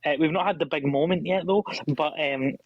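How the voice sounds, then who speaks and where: A man's voice: fairly high pitch, brisk, no room sound, highs cut off. Giggly British man, dry close sound. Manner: giggly, playful, acts out quotes. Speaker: guest co-host. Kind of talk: casual podcast chat.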